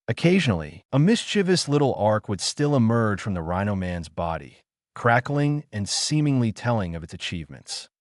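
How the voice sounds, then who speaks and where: This fan-novel audiobook features a man with a fairly low voice narrating dramatically and delivering sound effects with punch. It's studio quality with no room sound.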